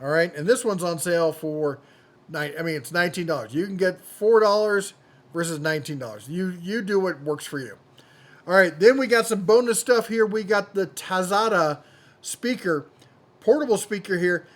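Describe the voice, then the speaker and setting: Chatty man with a slightly high voice. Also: moderate pace. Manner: chatty, jokey, self-correcting. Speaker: host of a tool deals channel. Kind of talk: casual product deal rundown.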